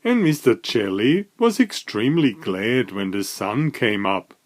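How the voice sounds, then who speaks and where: A man reading a children's picture book aloud, with slow, lively storytelling. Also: mid-range voice. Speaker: storybook reader.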